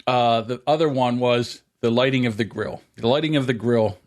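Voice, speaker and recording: Man, podcast co-host, casual storytelling, animated, voice jumps high for quoted lines, mid-pitched voice. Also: normal speed. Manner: animated, acts out quotes in a raised voice.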